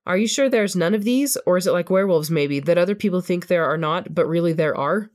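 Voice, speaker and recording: Woman reading as a naive young guy from an old painting, asks everything earnestly, low voice. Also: lively intonation, fast talker, a little mellow, lightly acted. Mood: curious. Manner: plainly read, earnest questions.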